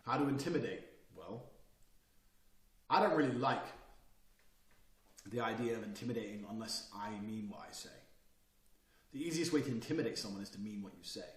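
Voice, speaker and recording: A man's voice: medium pitch, roomy sound. A man giving a blunt, profane motivational lecture with an emphatic, swaggering delivery. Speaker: course instructor.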